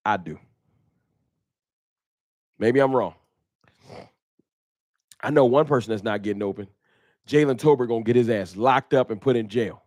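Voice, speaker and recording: A man's voice: mid-range voice, normal speed, long pauses, no echo. A man hosting a casual fan talk livestream, emphatic and slangy, repeating himself as he argues his points into a close mic. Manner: animated, emphatic, repetitive, slangy. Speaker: host.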